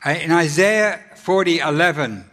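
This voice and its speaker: A man preaching a sermon in an earnest, gentle way, often pausing with ums and restarting his sentences. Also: on the high side. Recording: long hall reverb.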